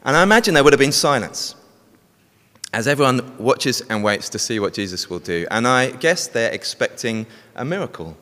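Male preacher, storytelling sermon, medium pitch, long reverb of a church hall. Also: sing-song, normal speed, sharp tone. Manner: storytelling, asks the congregation questions.

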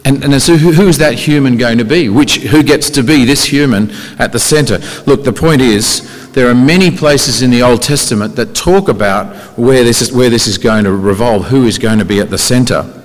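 A man preaching a conversational sermon, with rhetorical questions and sudden emphatic rises in pitch. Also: moderate pace. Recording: reverberant hall.

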